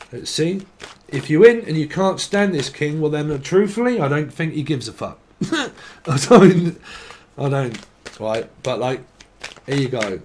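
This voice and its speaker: A man's voice: a little high, darkish tone, a little hiss or hum. A man rambles through a tarot reading, swearing freely and drifting off on tangents. His voice sits a touch above the usual male range. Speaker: tarot reader.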